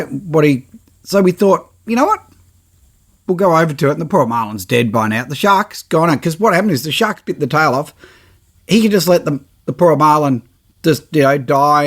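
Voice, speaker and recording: Man, middle-aged, podcast host, animated storyteller, slightly high voice. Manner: lively, acts out his own reactions and quotes.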